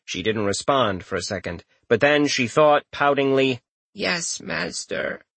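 A man reading an audiobook aloud in a lively, expressive way. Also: mid-range voice, moderate pace, no room sound. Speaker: audiobook narrator. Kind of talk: scripted narration.

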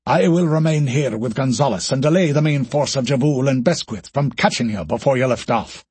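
A man's voice: medium pitch, a little fast, darkish tone, slightly rough, no room sound, natural voice. A man voicing a blunt male commander giving orders to hold the line. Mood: commanding. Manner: firm, commanding.

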